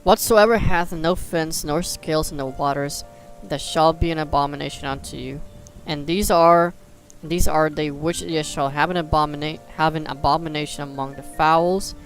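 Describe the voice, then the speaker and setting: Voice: medium pitch, steady tone, normal speed, faint music behind. Streamer stumbling through scripture aloud. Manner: stumbles and restarts over archaic words; breaks off into joking asides. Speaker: livestreamer.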